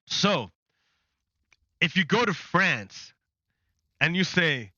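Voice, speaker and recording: A man's voice: on the high side, sing-song, extremely slow, pushed and bright, no room sound, muffled recording. A man giving chatty, sarcastic commentary while playing a game, often restarting sentences. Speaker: gaming channel host.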